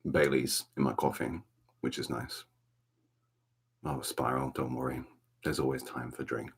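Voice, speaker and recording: A man with a Welsh accent hosting a relaxed ASMR livestream from a dark room at home, chatting softly and greeting viewers by name. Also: very deep voice, measured pace, vocal fry, slightly rough. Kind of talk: soft-spoken ASMR chat.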